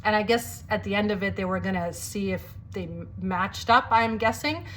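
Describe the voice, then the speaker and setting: A woman's voice: mid-range voice, moderate pace, slight background noise. Chatty woman with a slight cold. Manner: chatty, many "like" fillers, acts out quoted lines. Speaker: storyteller sharing a testimony. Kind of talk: casual personal storytelling.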